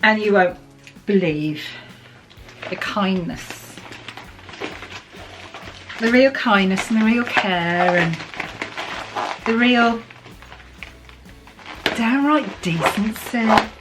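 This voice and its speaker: A middle-aged English woman from the UK, chatting warmly and emotionally as she opens a parcel for her vlog. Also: mid-range voice, expressive, drawn-out words, pauses often, over music. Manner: chatty, gushing, emotional, laughs often. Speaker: vlogger. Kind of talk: casual chat while opening a parcel.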